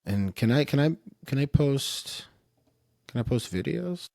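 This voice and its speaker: A man's voice: mid-range voice, animated, measured pace, creaky, mellow, no echo, studio quality. A man streaming casual commentary in a rambling, self-interrupting way, often trailing off and restarting.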